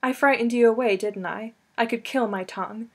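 A woman voicing a haughty teenage girl, loud and high. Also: brisk, husky. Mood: defensive. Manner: fancy, affected, mocking tone. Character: haughty proud seventeen-year-old girl.

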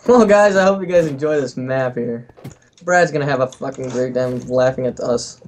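A man's voice: medium pitch, normal speed, a little mellow. Young man, let's play commentary, exasperated, swears, faint hiss. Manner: exasperated, swears, frequent outbursts. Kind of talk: casual gameplay commentary.

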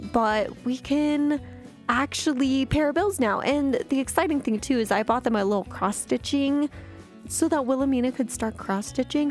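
Woman, high voice, excitable chatty let's-play commentator talking to viewers. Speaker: gameplay commentator.

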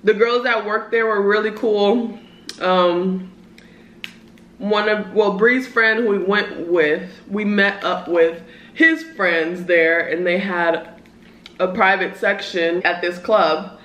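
A woman's voice: mid-range voice, steady tone, takes it slowly, a bit bright, lo-fi sound. A woman in her early twenties vlogging a casual mukbang chat, slangy and talking while eating. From Southern California. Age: early 20s. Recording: roomy echo.

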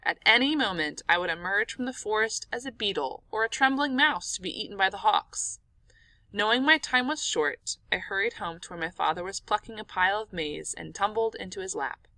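A woman narrating an audiobook in an expressive, dramatic storytelling manner. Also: mid-range voice, fairly quick, no echo.

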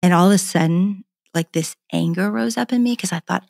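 Woman, low voice, dry close mic, earnest passionate podcast guest story. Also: a little fast, vocal fry, a little mellow, no room sound. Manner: earnest, passionate, repeats words when emotional. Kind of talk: candid personal storytelling.

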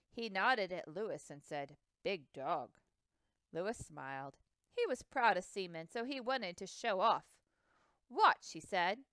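A woman reading a children's chapter book aloud, expressive, with occasional slips and restarts. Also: mid-range voice, clear, resonant tone, dry recording. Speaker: reader. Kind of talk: storybook read-aloud.

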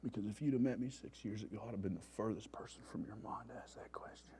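Whispering quickly in a low-leaning voice, a man gives his testimony like a sermon at a church recovery revival. He uses street slang and animatedly reenacts his own past panic.

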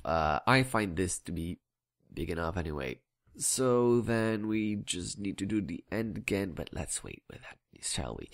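A man's voice: lowish voice, no room sound, studio quality. A man giving casual, rambling commentary while building in a game, muttering at himself between explanations. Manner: rambling, chatty, mutters at himself with filler words; plays with a vague put-on accent.

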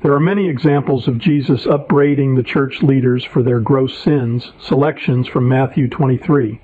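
A man's voice: mid-range voice, normal speed. A man preacher reading his own sermon paper aloud, emphatic and indignant. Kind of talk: read sermon narration. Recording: tinny phone-like audio.

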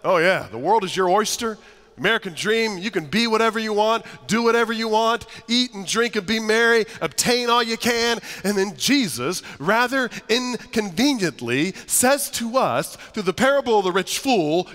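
A man preaching a sermon as pastor, telling stories with humor and lively asides to his congregation. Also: sits high, normal speed. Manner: animated, humorous storytelling to a congregation. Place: church sanctuary. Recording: long church reverb.

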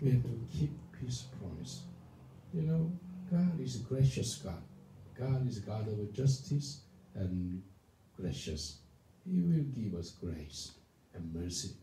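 A male pastor preaching a sermon, emphatic and animated, often asking the congregation whether they understand. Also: lowish voice. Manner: animated, emphatic, calls for responses. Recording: echoey room from far off, faint noise.

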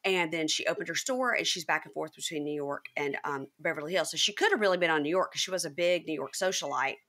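Bright-voiced Mississippi Southern woman host. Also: deep voice. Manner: chatty storyteller, quick asides. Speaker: podcast host. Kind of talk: casual chat.

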